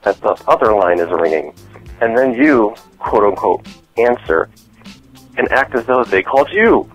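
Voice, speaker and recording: Low-voiced man on a dull lo-fi message. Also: sing-song, a little slow, faint music behind. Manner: eager, explaining step by step. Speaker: caller leaving a message.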